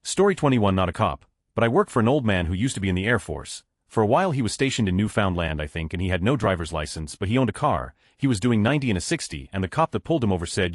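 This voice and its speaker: A low-voiced man narrates Reddit stories at a fast clip. His pitch moves a lot as he reads, and the recording is dry and close. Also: very animated, dry recording. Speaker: story narrator. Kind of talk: reading Reddit stories aloud.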